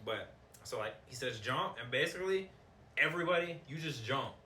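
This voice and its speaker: A man's voice: mid-range voice, lively intonation, normal speed, sharp tone. A young man co-hosting a casual podcast, telling a story in a laid-back way with lots of fillers. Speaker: podcast co-host. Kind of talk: casual chat. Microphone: backup recorder, not the new mics. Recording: roomy, distant, faint noise.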